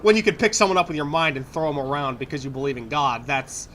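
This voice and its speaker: A man's voice: on the high side, fast talker, fairly bright tone, slight background noise. A young man giving casual, rambling commentary while playing a video game, swearing and laughing as he goes. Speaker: let's play gamer.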